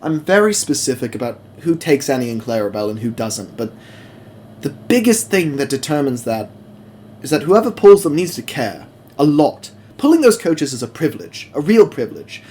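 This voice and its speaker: Man doing a proud male tank engine, earnest, emphatic, animated pitch.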